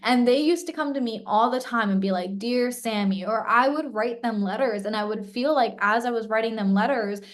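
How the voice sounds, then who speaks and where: A woman's voice: a little high, brisk, few pauses. A young woman co-hosting a podcast in casual chat, talking with lots of "like" fillers and acting out what others said. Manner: chatty, many "like" fillers, acts out quoted voices. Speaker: podcast co-host.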